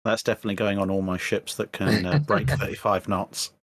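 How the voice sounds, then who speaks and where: A man's voice: lowish voice, brisk, breathy edge, no room sound, clean studio sound. A man speaking as a podcast guest in casual chat, with hesitant, self-deprecating humor.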